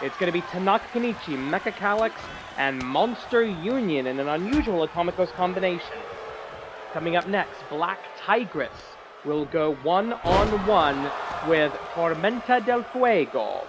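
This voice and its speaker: A man doing excitable, jokey play-by-play commentary for a wrestling show. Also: sits high, moderate pace. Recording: loud crowd and noise behind.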